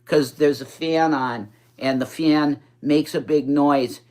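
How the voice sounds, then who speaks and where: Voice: mid-range voice, steady tone, slow, darkish tone. A speaker in their forties with a New York accent and a slight speech impediment, chatting casually on a livestream in a rambling, profane way that sometimes turns childlike. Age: 40s. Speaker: drag performer livestreaming.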